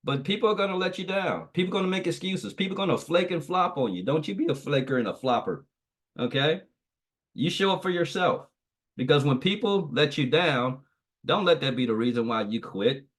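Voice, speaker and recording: A man's voice: on the high side, animated, fairly quick. Man giving a preachy motivational training. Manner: preachy, repeats phrases, tells a parable. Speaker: guest trainer.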